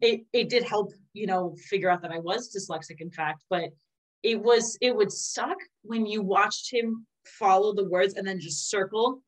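A woman's voice: mid-range voice, moderate pace, rough recording. A young woman in casual conversation, co-hosting and candidly telling stories from her childhood, laughing at times.

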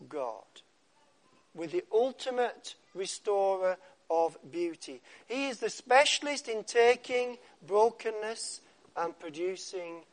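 A man preaching a sermon, with dramatic pauses and a voice that drops to a soft hush on key words. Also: sits high.

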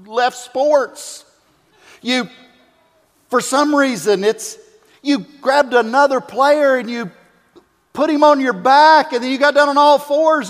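Male pastor, high pitch, storytelling sermon, fervent build, big reverberant sanctuary. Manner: builds to fervent repeated exhortation. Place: church sanctuary. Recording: long hall reverb.

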